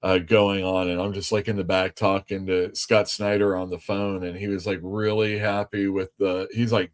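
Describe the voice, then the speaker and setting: A comic shop owner hosting a casual livestream, rambling through anecdotes with many fillers. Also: male voice, low voice, steady tone, normal speed, hardly any pauses. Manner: rambling, lots of fillers, laughs easily.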